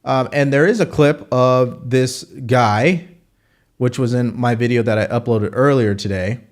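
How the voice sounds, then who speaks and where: A man's voice: mid-range voice, unhurried. A man hosting a live political commentary show, arguing his points with repeated rhetorical questions.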